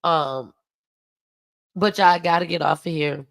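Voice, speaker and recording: A woman with a low, gravelly voice talks straight to her livestream viewers. She sounds emotional and close to tears, warm in her words, and keeps calling them y'all and baby. The sound is dry and close. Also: slow, dry recording. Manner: tearful, heartfelt, addresses viewers as y'all and baby. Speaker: livestream host.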